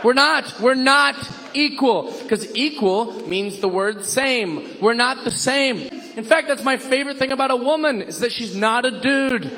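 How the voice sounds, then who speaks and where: High-voiced blunt man ranting. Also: a little slow, a little hiss or hum, rough recording. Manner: blunt, mocking, bursts into shouting.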